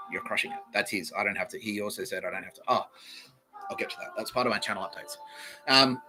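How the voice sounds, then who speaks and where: Aussie guy doing a sweary solo podcast, lowish voice but bright and punchy, brags a lot, faint music in the back. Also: low-quality recording. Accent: Australian. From Australia. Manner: profane, boastful, wandering, laughs at own jokes. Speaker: podcast host. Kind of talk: rambling comedic solo monologue.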